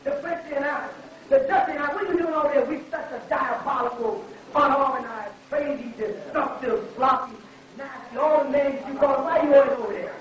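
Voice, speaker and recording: High-voiced man preaching mockingly in echoey hall. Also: fairly quick, fairly bright tone, slight background noise. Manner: emphatic, mocking, full of rhetorical questions. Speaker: religious lecturer. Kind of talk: preaching lecture to a live audience. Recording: very echoey, distant, lo-fi hall recording.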